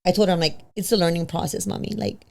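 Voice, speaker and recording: A woman in her thirties, a podcast guest telling a personal story casually, acting out quoted voices with big pitch jumps and slipping into Spanish now and then. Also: steady tone, fast talker, vocal fry. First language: bilingual, switches into Spanish. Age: 30s.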